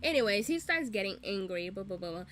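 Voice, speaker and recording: A woman vlogger recapping a TV episode in a casual, profane, animated way, often breaking into laughter. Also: mid-range voice, fast talker, background noise. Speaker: reaction vlogger. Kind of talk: casual show recap and reaction.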